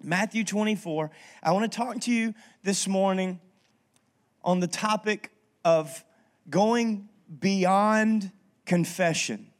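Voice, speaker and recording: A man's voice: high voice, a little slow. A pastor giving a sermon in a humorous, chatty way, often restarting his sentences.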